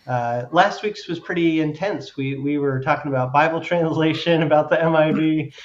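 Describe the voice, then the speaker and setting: A man's voice: on the high side, moderate pace, lo-fi sound. A man hosting a casual chat who jokes around in an easygoing way. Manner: joking, easygoing. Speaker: host.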